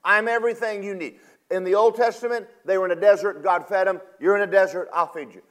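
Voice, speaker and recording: This is a high-sitting male voice giving a sermon. He recounts scripture in casual paraphrase, swinging between forceful, loud bursts and hushed, drawn-out side remarks.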